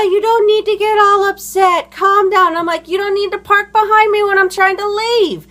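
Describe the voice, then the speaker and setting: A woman's voice: medium pitch, a bit bright. A woman in her thirties or forties, a parent, rambling through a frustrated, profane casual vlog rant. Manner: rambling, frustrated, swears freely. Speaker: parent vlogger.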